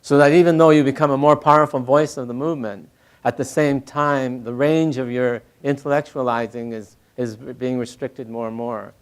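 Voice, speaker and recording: An older man speaking as a poet and critic in an interview, reflective and halting, with frequent restarts and soft laughs. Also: medium pitch, steady tone, clean tone.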